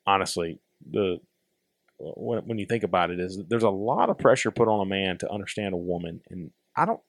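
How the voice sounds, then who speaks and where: A middle-aged man, a father, co-hosting a podcast in casual chat, thoughtful and halting as he talks. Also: low-pitched, animated, no room sound, studio quality. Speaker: podcast co-host.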